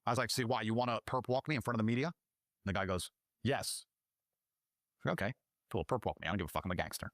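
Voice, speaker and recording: A guest with a lowish voice tells a long personal story, speaking fast but pausing often, swearing frequently and acting out the lines of the people involved. The animated, profane storytelling is captured in clean studio sound with no room sound.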